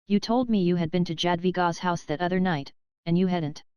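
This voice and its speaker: A woman reading the lines of an angry, jealous young husband, with harsh accusing shouts. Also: on the low side, brisk, smooth, no room sound, highs cut off, lightly acted.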